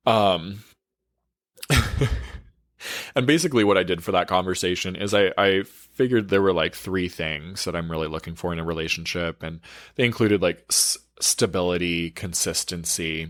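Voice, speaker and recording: A man's voice: deep voice, measured pace, a bit bright, dry recording, studio quality. A man, a relationship coach, telling a frank, profane story in a casual storytime, full of "like" fillers.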